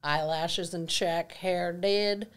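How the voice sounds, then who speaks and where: A woman's voice: lowish voice, steady tone, takes it slowly, clear, resonant tone. A middle-aged woman co-hosting a podcast, talking candidly and reflectively in casual chat. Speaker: podcast co-host.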